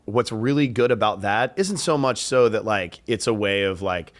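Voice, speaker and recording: A man's voice: fairly low pitch, animated, moderate pace. A young man co-hosting a casual podcast chat, rambling and hesitant, with many fillers and restarts. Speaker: podcast co-host.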